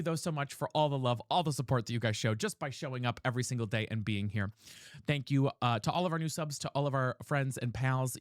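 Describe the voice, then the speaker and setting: A man's voice: on the high side, a bit bright, no echo, studio quality. A man streaming a game live, chatting with viewers and swearing, a little tired after hours on air. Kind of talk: live gameplay commentary and chat.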